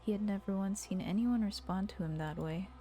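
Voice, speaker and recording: A woman's voice: medium pitch, brisk, dark tone, soft background music. A young woman streamer narrating and chatting casually between voiced lines, with giggly, self-mocking asides. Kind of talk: voice-acting stream commentary.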